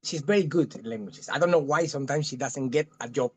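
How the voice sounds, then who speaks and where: A man in his thirties from southern Spain, with a thick Spanish accent, talks fast in a mid-range voice. He's a guest in a casual interview and often restarts and repeats words.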